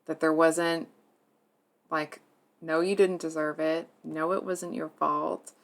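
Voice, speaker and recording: A woman with a low, soft voice walks her viewers through a tarot reading. She speaks hesitantly, circling back and filling pauses as she searches for words. Her tone stays earnest and deeply moved. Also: little pitch movement. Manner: soft, hesitant, many fillers and restarts. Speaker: tarot reader.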